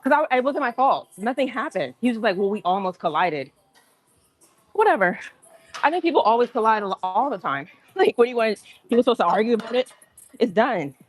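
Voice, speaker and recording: A woman telling a story on a livestream in an indignant, animated way, acting out what people said. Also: fairly high pitch, fast talker, husky. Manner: indignant, animated, acts out quotes. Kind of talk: casual storytelling rant.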